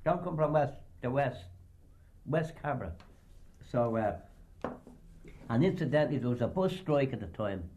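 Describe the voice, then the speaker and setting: A man's voice: mid-range voice, lively intonation, moderate pace, long pauses, a little mellow, a little hiss or hum. An older man recounting anecdotes in a rambling, anecdotal way, acting out the voices of the people he quotes. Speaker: storyteller. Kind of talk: oral history reminiscence.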